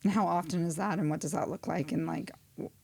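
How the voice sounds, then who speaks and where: A woman's voice: on the low side, fairly even intonation, quick pace, creaky, mellow, husky. A woman hosting a podcast, asking curious questions in a casual way with many fillers. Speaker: podcast host.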